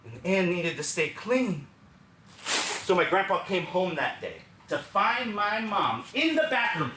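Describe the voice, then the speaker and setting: A man from Texas tells stories in a one-man stage show, animated and conversational. His pitch is fairly high and swings widely, and his tone is bright. The sound is roomy, with faint theater ambience behind him. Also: unhurried, recorded from a distance, a little hiss or hum. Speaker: solo stage performer.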